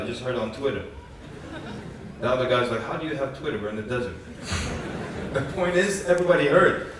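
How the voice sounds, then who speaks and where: Animated preacher man in echoey hall. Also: medium pitch, recorded from a distance, slight background noise. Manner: animated storytelling with jokes and acted quotes. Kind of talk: conference lecture. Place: large conference hall.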